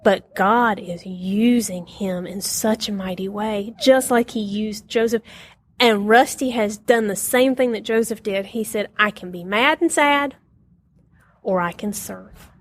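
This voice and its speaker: A woman's voice: mid-range voice, a little slow. A middle-aged woman teaching a casual Bible lesson to a group, telling stories with animation, laughing often and acting out quotes.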